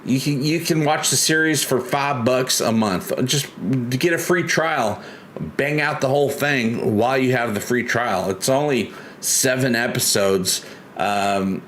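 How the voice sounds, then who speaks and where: A man hosts a relaxed live stream, speaking a little slowly in a mid-range, fairly bright voice with slight noise behind him. His talk is rambling and chatty, and he reads the chat aloud.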